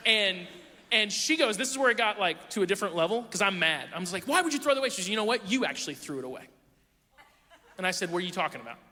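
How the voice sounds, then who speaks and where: A young man preaching a sermon, telling a funny story about himself in an animated, self-deprecating way. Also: high-pitched, fast. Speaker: pastor. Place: church auditorium. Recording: long hall reverb.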